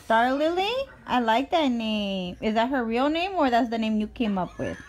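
A woman's voice: a little high, animated, normal speed. A young woman with a cough, casually vlogging at home on a phone, playful and teasing, dropping Spanish words into her talk. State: sick with a cough. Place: small apartment indoors.

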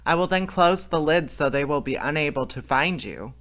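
A man's voice: a little high, animated, normal speed, fairly bright tone. A man reading aloud and voicing a clever young girl who tricks a band of robbers with urgent pleas.

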